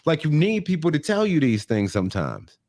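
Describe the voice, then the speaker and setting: A man's voice: fairly high pitch, wildly swooping pitch, fairly quick, darkish tone, dry recording, clean studio sound. Laid-back man making slangy podcast asides. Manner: laid-back, slangy, chimes in with comments and little acted lines. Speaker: podcast co-host. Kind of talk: casual chat.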